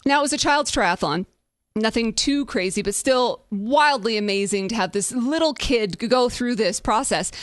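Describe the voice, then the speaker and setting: Podcast host lady in her 30s, candid, upbeat, swears a bit, kinda high voice. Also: moderate pace, dry recording, clean studio sound. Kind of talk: casual storytelling on a podcast.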